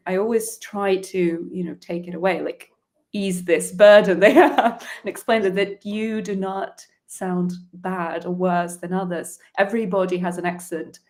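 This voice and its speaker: Chatty woman host, somewhat low voice. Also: steady tone, a little slow, a little mellow. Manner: chatty, offers frequent agreement. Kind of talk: conversational interview.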